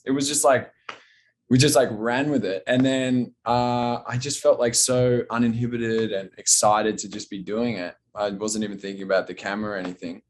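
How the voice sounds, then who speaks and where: Young actor, casual interview guest, eager storyteller, middle pitch. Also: male voice. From Australia. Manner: rambling, excited storytelling that trails off quietly.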